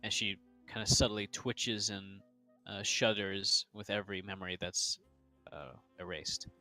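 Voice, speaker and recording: Male game master for a tabletop stream; unhurried, filler-heavy delivery, slightly low pitch. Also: fairly even intonation, pushed and bright, soft background music. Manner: slow, hesitant, with many fillers. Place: home streaming setup.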